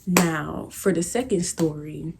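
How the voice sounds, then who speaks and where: Young woman vlogger, casual slangy storyteller, husky low voice. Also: steady tone, takes it slowly.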